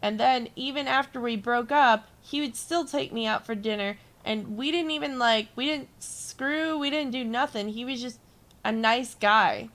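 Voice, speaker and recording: A woman's voice: fairly high pitch, normal speed, a bit bright. A young woman chatting casually while gaming, telling a rambling story, swearing freely and answering viewers. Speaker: gaming streamer.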